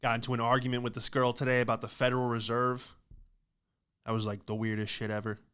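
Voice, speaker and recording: A man's voice: mid-range voice, little pitch movement, fast, fairly bright tone, clear, resonant tone. A man, a stand-up comedian hosting a podcast, ranting casually with a lot of swearing and "dude" and "like".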